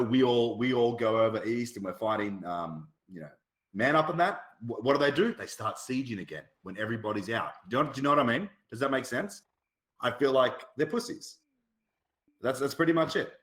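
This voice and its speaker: A man on a casual podcast, talking bluntly and with lots of profanity, telling animated stories. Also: medium pitch. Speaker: podcast guest. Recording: roomy echo.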